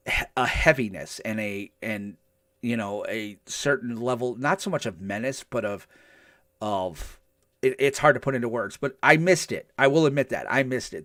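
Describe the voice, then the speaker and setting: Brief: older male podcast host, mid-pitched, lively recaps with acted-out quotes. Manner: animated storytelling, acts out quotes. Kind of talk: casual podcast chat.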